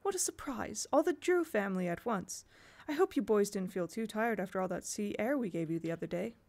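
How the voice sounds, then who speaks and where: A silky, falsely sweet lady whose brightness hides a steely edge, as a woman narrator puts her on for a storybook. Her voice sits higher than an ordinary speaking voice and carries a faint gravelly grain. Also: expressive, normal speed. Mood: falsely pleasant. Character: smooth, falsely charming grown woman.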